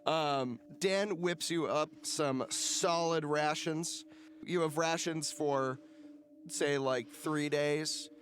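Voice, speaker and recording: A man's voice: a little high, takes it slowly, a bit bright, slight background noise. A man narrating a tabletop game as game master, casual and swearing freely.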